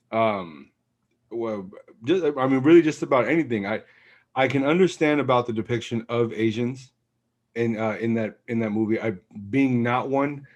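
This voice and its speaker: A man hosting a casual podcast in a relaxed, easygoing way, leading the segments. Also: on the low side. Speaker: podcast host. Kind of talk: casual sneaker podcast chat.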